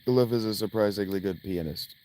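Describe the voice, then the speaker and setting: A man's voice: lowish voice, a little fast, mellow. An American man streaming a game, rambling and joking casually with his chat. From United States. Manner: rambling, jokey, talks to chat. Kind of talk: casual gameplay commentary.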